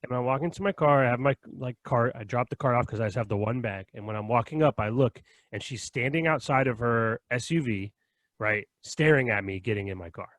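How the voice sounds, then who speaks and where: A young man on a podcast telling a story in casual chat, animated and profane, often checking in with "right?" and "okay?". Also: mid-range voice, fairly quick, no echo. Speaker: podcast co-host.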